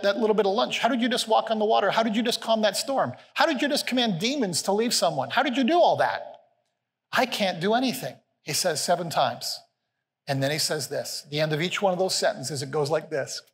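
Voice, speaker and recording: A senior pastor preaches to a live congregation in a big church hall. His voice sits a little high for a man and carries a long reverb tail off the room. He is animated and playful, voicing the quotes with a lift in pitch. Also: brisk. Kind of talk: sermon.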